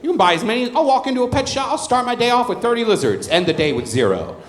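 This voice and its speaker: A man in his thirties doing a stand-up comedy set on a club stage with a handheld mic, telling stories in a deadpan way with crude asides. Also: extremely high pitch, quick pace. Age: 30s. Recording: roomy club sound with faint crowd noise. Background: audience laughter.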